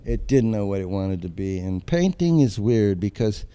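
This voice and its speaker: A man's voice: on the low side, moderate pace, clear, resonant tone. An older man, a guest artist, telling stories in casual chat and acting out the voices of the people in them. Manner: animated storyteller acting out quoted voices.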